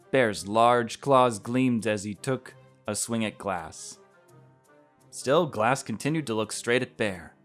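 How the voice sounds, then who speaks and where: A man's voice: mid-range voice, takes it slowly, fairly bright tone, faint music behind. A man reading a visual novel aloud, narrating in a plain storybook manner.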